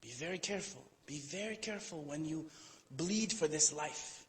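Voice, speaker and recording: A man's voice: a little high, lively intonation, normal speed. A man giving an Islamic lecture to an audience in a hall, telling a story conversationally with playful asides. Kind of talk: storytelling sermon. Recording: long hall reverb.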